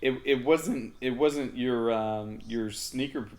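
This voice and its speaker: A man's voice: medium pitch, takes it slowly, darkish tone. A man co-hosting a podcast as a preacher, chatting in a laid-back way with short reactions. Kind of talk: casual chat.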